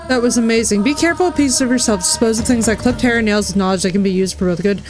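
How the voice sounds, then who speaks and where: A woman's voice: fairly high pitch, rapid-fire, darkish tone. Gushing woman streaming a game. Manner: effusive, exclaiming, gushing. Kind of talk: live gameplay commentary. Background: faint game music.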